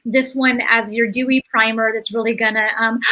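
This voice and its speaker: A woman's voice: fairly high pitch, flat delivery, normal speed, noisy background. A woman explaining skincare products on a live beauty chat, in an explanatory way with many fillers. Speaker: skincare brand educator.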